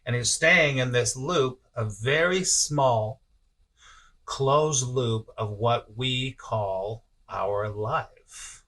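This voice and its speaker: A man with a bright, forward voice and a middle pitch gives a loose, chatty spiritual talk. He reads viewer comments on a live stream, chuckles often, and repeats his phrases. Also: drawn-out words. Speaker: spiritual teacher.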